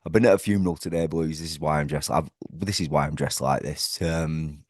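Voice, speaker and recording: Very deep-voiced football vlogger. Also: male voice, fairly quick, no echo, studio quality. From northwest England. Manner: passionate and rambling, with many fillers and restarts. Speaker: football fan channel host. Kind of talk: casual fan vlog. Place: at home indoors.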